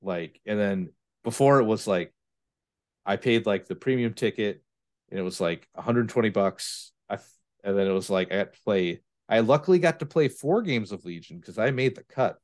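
Low-ish in pitch and talking at a normal speed, this tabletop gaming podcast host comes from the US East Coast. Casually chatting, he rambles through animated stories, restarting often and using lots of fillers.

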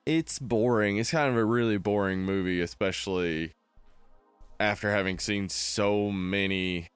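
Man from New Jersey, podcast co-host, rambling, laughs a lot, smooth voice. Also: fairly low pitch, a little slow, dry recording, soft background music. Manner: laughs often, rambling with fillers. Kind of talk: casual movie chat.

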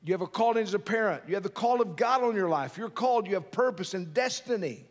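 The middle-aged pastor here has a high, expressive voice and talks fast, delivering his sermon conversationally with jokes and frequent questions for listeners. Long hall reverb fills the recording.

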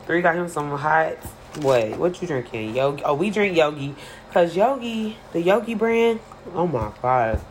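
A woman's voice: deep voice, lively intonation, a little slow, a little hiss or hum. Chatty, playful woman podcast host. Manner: chatty and playful, laughs often. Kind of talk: casual chat.

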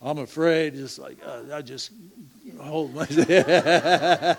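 A middle-aged man shares a personal testimony at church. His voice sits a little high, and he speaks slowly and haltingly. He often drops to a hush. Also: vocal fry, husky. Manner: slow, halting storytelling with laughs and hushed asides. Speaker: church member sharing a testimony.

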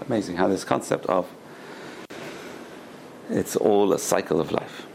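A middle-aged man teaching a Torah lecture as a rabbi, an animated storyteller who repeats words for emphasis and drops in Hebrew terms. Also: low voice, a little slow, gravelly, a little hiss or hum. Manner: peppers speech with Hebrew terms.

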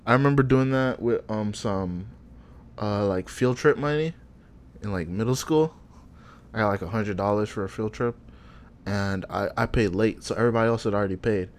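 A young man from Africa telling animated stories in casual chat, laughing often and acting out the quotes. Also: on the low side, moderate pace.

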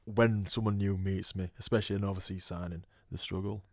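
Deep-voiced Yorkshire man, chatty and dry. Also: steady tone, brisk, vocal fry, darkish tone, no echo. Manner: chatty storyteller with frequent laughs and repeated words. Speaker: rugby player guest. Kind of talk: casual chat. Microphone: studio microphone.

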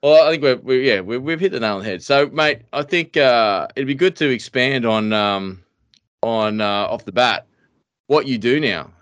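A man's voice: mid-range voice, moderate pace, fairly bright tone, clear, resonant tone, no room sound. An Australian man hosting a podcast, talking in a laid-back, joking way with lots of fillers. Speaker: podcast host. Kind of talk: casual interview chat.

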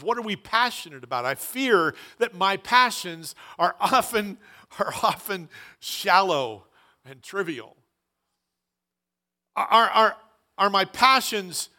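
A man's voice: high-pitched, bright, forceful tone. A man preaching a sermon as pastor, earnest and emphatic, often repeating phrases for weight.

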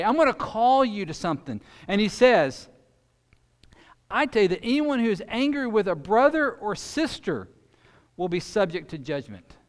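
A man preaching a sermon as pastor, swinging between loud emphatic stretches and quiet, intense ones. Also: high voice, big pitch swings, normal speed. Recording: long reverb of a large hall.

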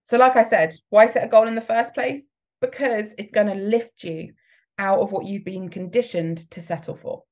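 A woman's voice: mid-range voice, fairly even intonation, normal speed, darkish tone. A woman coach giving a motivational talk, emphatic and frequently laughing as she acts out the voices in people's heads. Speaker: business coach.

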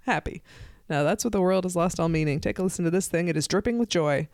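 A woman's voice: fairly low pitch, fast talker, noisy background. A woman co-hosting a comedy podcast in giggly, teasing casual chat, with music behind. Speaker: podcast co-host.

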